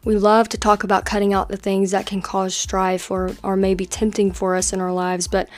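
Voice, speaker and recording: A woman's voice: mid-range voice, moderate pace. Encouraging woman faith podcaster. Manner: energetic, encouraging, conversational. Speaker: podcast host.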